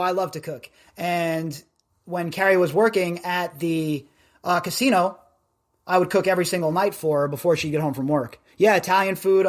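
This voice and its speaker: A man from Las Vegas hosting a podcast live stream, chatting in a rambling, loudmouthed way. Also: high-pitched. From Las Vegas, USA. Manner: rambling, self-described loudmouth. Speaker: podcast host. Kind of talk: casual live-stream chat.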